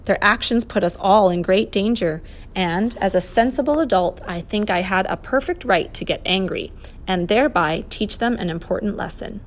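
A woman voicing a kindly but stern older male professor, measured and reasoning, in a storybook reading. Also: medium pitch, natural voice. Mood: patient, firm.

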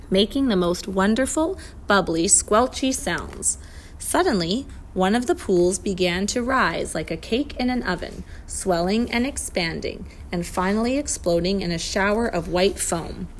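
A woman narrating a children's storybook in a clear, even storytelling manner. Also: medium pitch, a little slow, slight background noise. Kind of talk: storybook reading.

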